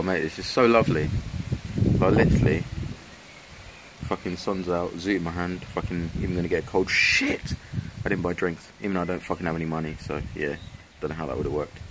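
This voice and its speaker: A young man, chatting casually and swearing freely in a relaxed, slangy drawl. His voice sits very low, and a faint hiss of background noise runs under it. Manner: laid-back, slangy, swears a lot. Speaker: vlogger. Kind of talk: casual chat to camera. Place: at home and outdoors.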